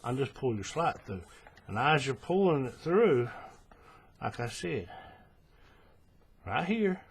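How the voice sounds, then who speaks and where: A man with a husky, slightly breathy voice walks through a craft step by step from his worktable. His pitch moves around a lot as he talks. He is relaxed, checks in with the viewer, and fixes his own slips, all picked up on the camera's mic. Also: slow pace. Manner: relaxed, checks in with "right?" and self-corrects. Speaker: crafting tutorial host. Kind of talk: step-by-step hands-on instruction. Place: indoors at a table, working close to the camera.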